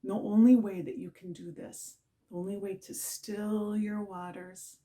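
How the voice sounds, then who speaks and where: A woman's voice: mid-range voice, fairly even intonation, measured pace, mellow. A middle-aged woman giving an earnest, casual spiritual talk as a mantra teacher, often checking in with "right?". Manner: earnest, repetitive, with frequent "right?" check-ins.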